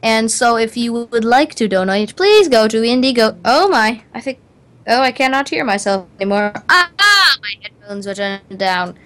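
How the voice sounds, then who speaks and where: A woman's voice: fairly high pitch, animated, normal speed, fairly bright tone. A woman chatting as a guest on a casual show, playful and a bit scattered. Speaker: guest singer. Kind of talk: casual chat.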